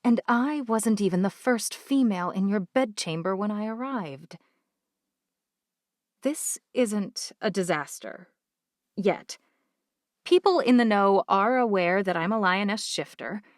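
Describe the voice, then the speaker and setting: A woman narrating a first-person audiobook with a measured, even delivery. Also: mid-range voice, no room sound, studio quality.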